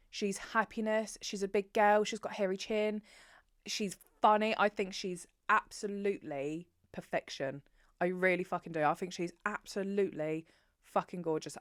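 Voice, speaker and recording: Woman, young, book vlogger; sweary, animated chat, mid pitch, dry close sound. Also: no echo. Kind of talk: casual chat to camera.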